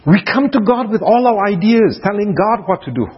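Husky guy preaching at a retreat, slow and dramatic, goes soft and hushed sometimes, muffled lo-fi audio. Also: high voice, lively intonation. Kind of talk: sermon at a prayer retreat.

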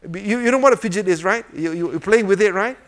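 An older man giving an informal sermon, animated and full of rhetorical questions, chuckling as he demonstrates a fidget toy. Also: high voice, fast. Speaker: preacher.

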